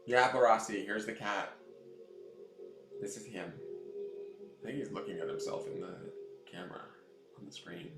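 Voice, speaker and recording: A man's voice: normal speed, pauses often, roomy sound, music in the background. A man hosting a tarot live stream, chatting casually and answering viewers' comments by name. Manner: coos in a high baby voice to his new cat.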